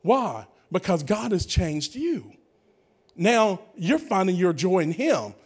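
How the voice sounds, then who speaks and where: A male pastor delivers an energetic sermon to his congregation. His voice sits high for a man, and he swings from shouted bursts down to hushed asides as he calls out to the room. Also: slow, slightly rough.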